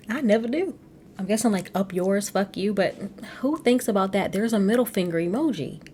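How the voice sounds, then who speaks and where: A woman's voice: medium pitch, a little fast, a little mellow, slight background noise. A woman hosting a podcast, recapping a reality show in casual, gossipy chat and often laughing. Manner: chatty and gossipy, laughs often, addresses listeners as y'all.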